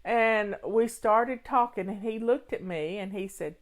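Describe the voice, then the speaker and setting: An older woman from Tennessee speaks with a warm Southern accent. She chats casually and folksily, drifting into homespun stories. Her pitch sits in a plain middle range. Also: measured pace, few pauses. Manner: folksy, chatty storyteller. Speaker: home organizing host. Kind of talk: casual chat.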